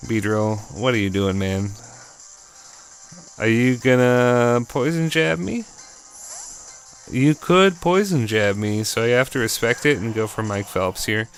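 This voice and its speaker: A man casually commentating his own video game battle in an excitable, chatty, jokey way. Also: fairly low pitch.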